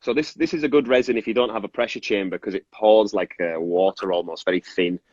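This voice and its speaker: A man's voice: fairly low pitch, fast talker, a little mellow, dry recording, muffled recording. A man explaining his resin work in casual interview chat, rambling with fillers and restarts. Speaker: resin artist guest.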